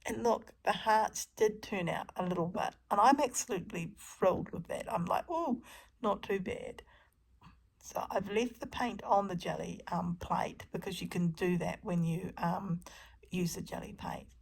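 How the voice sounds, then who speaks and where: Woman, middle-aged, craft vlog voice-over, gravelly, lowish voice, chatty, self-deprecating. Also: steady tone, moderate pace, few pauses. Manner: chatty, self-deprecating, with many ums and restarts. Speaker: crafting vlogger. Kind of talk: casual voice-over narration of a craft video.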